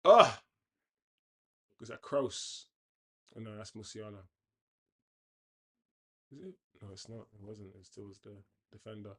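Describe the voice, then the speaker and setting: A man hosting a casual football watchalong, chatting on tangents and reacting loudly to the play. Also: fairly low pitch, lively intonation, measured pace, pauses often. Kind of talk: casual live match commentary.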